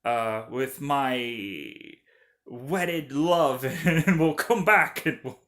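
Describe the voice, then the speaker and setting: Man doing a grandiose film hero, stiff and formal, a slow, bright and lofty delivery. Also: medium pitch. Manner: stiff, overly formal declaiming. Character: pompous male movie hero making grand vows.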